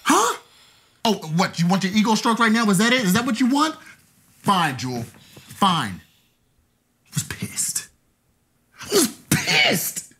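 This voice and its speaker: An actor playing a hurt ex-fiancé who swings from low, quiet words to cracking shouts. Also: male voice, very animated, normal speed, long pauses, full character voice. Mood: heated, wounded. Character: hurt ex-fiancé, proud and wounded. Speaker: jilted ex-fiancé. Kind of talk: romantic drama acting.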